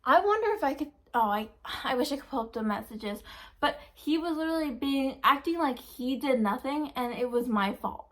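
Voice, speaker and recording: A woman in her twenties, a vlogger filming on her phone camera, chats casually in a high, lively voice at a moderate pace. She's retelling an exasperating story packed with quoted dialogue.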